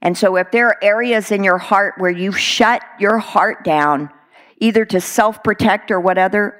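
A middle-aged woman from Texas, preaching a sermon in an earnest, conversational way with many fillers. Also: mid-range voice.

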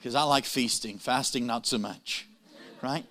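A man preaching a sermon, telling a story with dramatic pauses and quick, punning asides. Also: mid-range voice, bright, forceful tone.

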